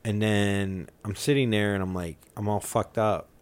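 A man in his forties with a lowish voice spins a long, rambling tale in a loose podcast chat. He swears freely and circles back on himself as he goes, unhurried and conversational. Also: fairly even intonation, clean tone. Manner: loose, profane, rambling storytelling.

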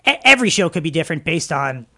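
A man, a comedian guest telling stories in a casual interview, animated and laughing often. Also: a little high, fast talker. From Long Island, New York. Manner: animated storytelling, laughs often, many fillers and restarts. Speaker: podcast guest, stand-up comedian.

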